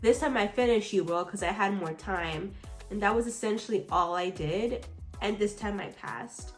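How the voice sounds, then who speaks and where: A woman's voice: medium pitch, faint music behind. A young adult woman, a medical resident, talking candidly and with feeling about a personal setback in a vlog. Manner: candid and emotional, frequent likes and pauses.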